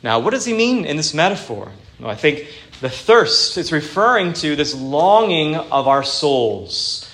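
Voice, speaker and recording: Male preacher, earnest and plain-spoken, slightly high voice. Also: very animated, fairly bright tone. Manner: earnest, plain-spoken, slows down for scripture quotes. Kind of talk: sermon.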